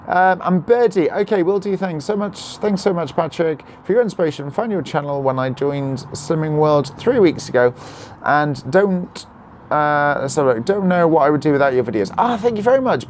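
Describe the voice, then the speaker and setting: A young man chatting casually on a live stream, reading out viewer comments and answering questions in a slightly croaky voice. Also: high-pitched, a little mellow, a little hiss or hum. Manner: chatty, reads out comments, jokes and apologises. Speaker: vlogger answering live chat. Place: at home, neighbours nearby.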